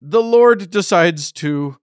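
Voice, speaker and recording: A man hosting a casual podcast, retelling a story in an animated, joking way. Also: high-pitched, slow pace, dry recording, studio quality. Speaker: podcast host. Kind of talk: casual bible discussion.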